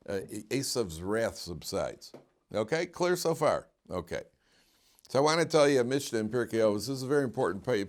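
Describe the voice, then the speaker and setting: A rabbi a fairly low voice teaches an informal class. He talks in an animated way and stops often to question his students. His sentences break off and restart as he thinks aloud.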